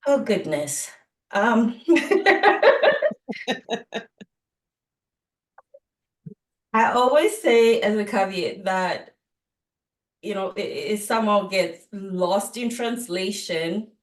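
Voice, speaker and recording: A middle-aged woman, an author guest, answering interview questions in a measured, thoughtful way with light laughs and frequent pauses. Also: medium pitch, animated. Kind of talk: interview conversation. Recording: roomy, distant from the mic.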